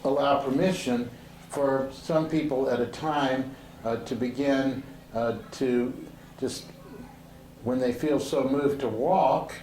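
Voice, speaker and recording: Male Sufi teacher, slow and searching, full of ums and restarts; recorded in an echoey room with faint street noise. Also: mid-range voice, fairly even intonation, a little mellow. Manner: slow and halting, with many fillers and restarts. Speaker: Sufi teacher leading a group practice. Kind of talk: relaxed spoken instruction to a seated group. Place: indoor room with a door to the street.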